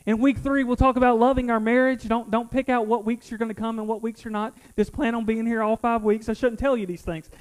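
High-voiced man preaching a sermon. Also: level tone, a little fast, hardly any pauses, low-quality recording. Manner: earnest, personal, repeats words as he restarts. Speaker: pastor.

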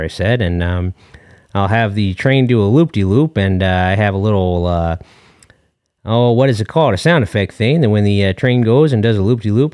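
A man's voice: fairly low pitch, no echo, studio quality, natural voice. A man playing a long-winded, folksy dad calling in to a comedy podcast, rambling with fillers and corny jokes. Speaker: caller. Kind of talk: comedic call-in character bit.

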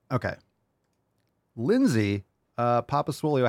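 A man's voice: medium pitch, very animated, unhurried, pauses often, no echo, clean studio sound. A man hosting a fitness call-in show, giving loose, joking and direct advice in a casual talking style.

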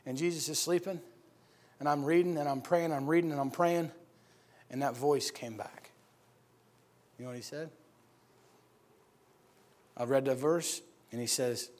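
A man preaching in a church, telling his personal story in an animated, laughing storytelling manner. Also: medium pitch, normal speed, long pauses. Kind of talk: sermon testimony.

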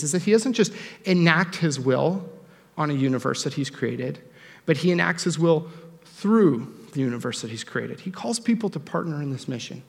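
Young pastor preaching in a reverberant church. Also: male voice, fairly high pitch, creaky. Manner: animated, joking, conversational preaching. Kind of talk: sermon. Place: church sanctuary. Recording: long reverb of a church hall.

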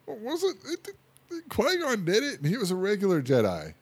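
A man's voice: sits high, huge pitch swings, a little fast, husky. A man co-hosting a podcast in casual chat, opinionated and ranting, swearing freely. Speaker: podcast co-host.

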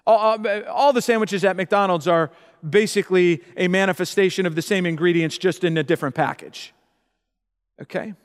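A man's voice: high-pitched, fairly even intonation, moderate pace, clean tone. A middle-aged man preaching as a pastor, who often checks in with his listeners and repeats his points. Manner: repeats himself, asks the audience "okay?". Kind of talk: sermon. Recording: long hall reverb.

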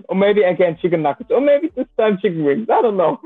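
A young man with a high, husky voice laughs his way through a casual chat, repeating himself as he goes. The sound is dry and thin, like a phone line. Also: dry recording. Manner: laughs constantly, repeats himself, swears often.

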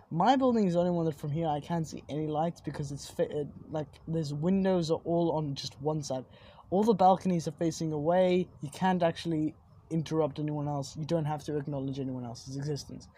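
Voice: medium pitch, dark tone, slightly rough. A young adult vlogger rambling casually outdoors at night, swearing often and stopping mid-word to correct themselves. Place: outdoors at night overlooking buildings.

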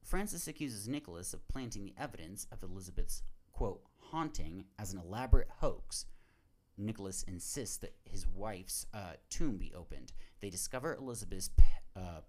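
Lively low-voiced man reading a synopsis. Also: moderate pace. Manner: profane, rambling, laughs between lines. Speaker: podcast host. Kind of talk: casual chat reading a movie synopsis.

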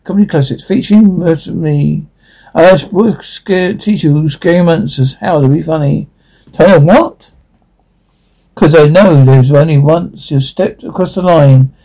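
A man's voice: fairly high pitch, warm tone, rough recording. A man reading out a cartoon story, voicing every part and reading the sound cues aloud, often stumbling and restarting.

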